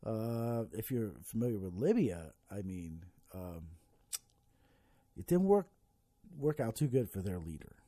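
A man hosting a casual political rant, swearing heavily and wandering off track as he talks. His voice is dark and mellow, recorded close and dry with no room sound. He fills gaps with ums and uhs as he thinks aloud. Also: lowish voice, very animated, a little slow, no echo. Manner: profane, rambling, heavy swearing with many fillers.

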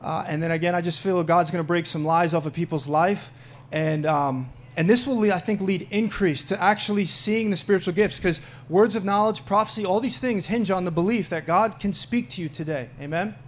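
Male pastor with a high voice, earnest sermon delivery that swells when he reads scripture. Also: brisk. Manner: earnest preaching, rising louder when reading scripture aloud.

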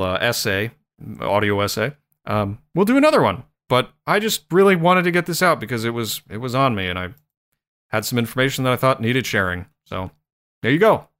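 Podcast guy rambling through his point, jokey, laughs a lot, normal pitch. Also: a bit bright. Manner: rambling, joking, laughs often. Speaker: podcast co-host. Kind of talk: casual podcast monologue.

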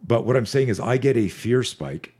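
A man in his forties, a fear management expert on a podcast, talking in an energetic, profane, storytelling way. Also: mid-range voice, moderate pace, breathy edge. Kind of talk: podcast conversation.

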